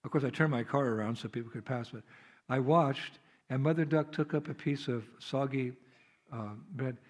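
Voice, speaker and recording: A visiting monk, an American-accented man, delivers a devotional sermon in a temple hall at a medium pitch and moderate pace. He tells stories conversationally, laughs a lot, and acts out the scenes.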